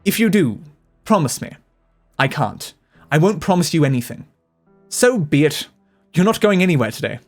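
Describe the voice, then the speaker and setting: A man voicing a stern old male city ruler with a low, gruff delivery in a game story reading. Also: big pitch swings, moderate pace, soft background music.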